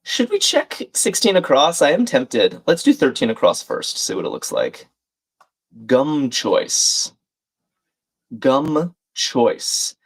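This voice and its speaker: A man's voice: a little high, sing-song, takes it slowly, husky. A man hosting a live crossword stream, thinking aloud, reading out clues and viewers' names, and chatting with them as he solves. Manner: thinks aloud, reads chat names and clues, friendly asides. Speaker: livestream host. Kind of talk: live crossword solving chat.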